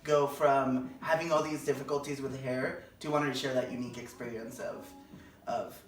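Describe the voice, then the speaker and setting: A man's voice: mid-range voice, fairly even intonation, normal speed, faint music behind. A man from the Caribbean co-hosting a casual chat, encouraging and laughing as he talks. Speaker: co-host, locs stylist. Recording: roomy, distant, busy background.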